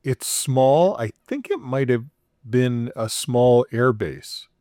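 A man's voice: mid-range voice, slow, dry recording, studio quality. Man telling a story, acting out its voices. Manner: animated retelling, acts out quoted dialogue with chuckles. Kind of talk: casual chat, storytelling.

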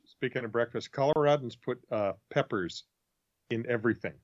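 A man's voice: mid-range voice, moderate pace, no room sound. A man in casual conversation who chimes in with dry jokes. His voice sits in a middle range, and the recording is dry and slightly dull. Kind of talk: casual chat.

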